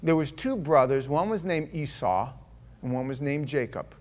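A pastor preaching a sermon in an animated, conversational storytelling way. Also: male voice, fairly high pitch, moderate pace.

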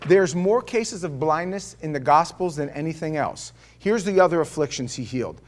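An older male pastor preaching a sermon, telling stories with rhetorical questions and swinging from loud bursts to hushed, quiet passages. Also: fairly high pitch, expressive, moderate pace.

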